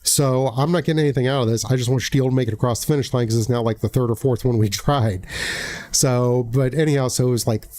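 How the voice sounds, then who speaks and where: Casting: American man hosting a live stream, blunt and profane, stumbling restarts, mid-pitched voice. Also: fairly even intonation, fast talker, darkish tone. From United States. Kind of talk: casual livestream talk.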